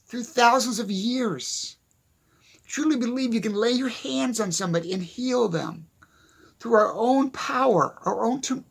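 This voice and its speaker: A weary man delivers an earnest monologue with a gravelly, rough edge to his voice. His speech is slightly husky and halting, and he circles back to repeat his points as he restarts sentences. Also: very high-pitched, a bit bright. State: tired. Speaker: speaker on philosophy.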